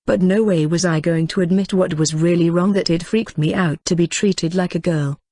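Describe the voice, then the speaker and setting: A woman reading a novel aloud in first person, as a steady storytelling narration. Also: lowish voice, normal speed, no room sound. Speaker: audiobook reader.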